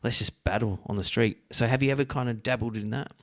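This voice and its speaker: A man's voice: mid-range voice, fast talker, a bit bright. An Australian man hosting a casual podcast chat, rambling with many fillers and restarts and swearing freely. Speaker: podcast host.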